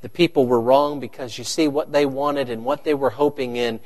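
A man preaching a sermon to his congregation, animated and joking with the listeners. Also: medium pitch, normal speed. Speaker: pastor.

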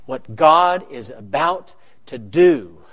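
A man preaching a sermon to his congregation, animated and joking with the listeners. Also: fairly high pitch, takes it slowly. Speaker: pastor.

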